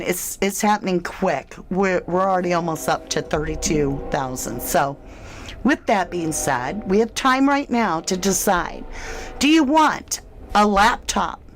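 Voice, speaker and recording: Woman, livestream host, casual chat, emphatic, a little snarky. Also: medium pitch. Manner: chatty, emphatic, slightly snarky. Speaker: true crime channel host.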